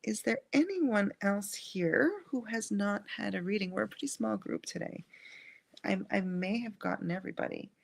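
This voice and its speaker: A woman hosting a live angel card reading, speaking in a gentle, soothing and affirming way. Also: mid-range voice, normal speed, vocal fry. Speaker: angel card reader and live stream host.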